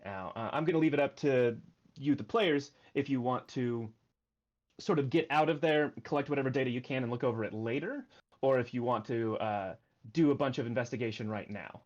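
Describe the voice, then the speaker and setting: A man's voice: mid-range voice, a little fast, a little mellow, muffled recording. A man running a tabletop game stream as game master, recapping with a hesitant, filler-heavy delivery.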